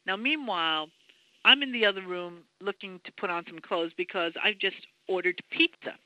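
A woman guest telling a story in an interview, excitable and full of restarts and repeated words. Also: mid-range voice, moderate pace, no echo, poor audio.

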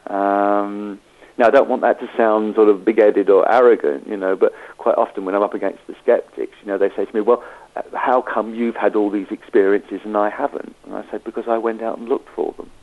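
A man's voice: fairly low pitch, fairly even intonation, fairly quick, narrow, tinny audio. A man, a medium, telling stories in an interview and acting out the people he quotes. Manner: anecdotal, acts out quoted voices. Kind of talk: storytelling interview.

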